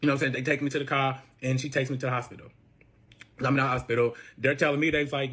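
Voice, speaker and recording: A young man telling a profane storytime, acting out both sides of his arguments in an animated voice. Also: mid-range voice, rapid-fire, breathy edge. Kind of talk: storytime chat.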